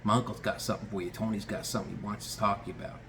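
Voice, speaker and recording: A man's voice: on the low side, little pitch movement, very fast, fairly bright tone, far from the mic, slight background noise. A man doing an eager young kitchen worker. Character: young male kitchen worker, the cook's nephew.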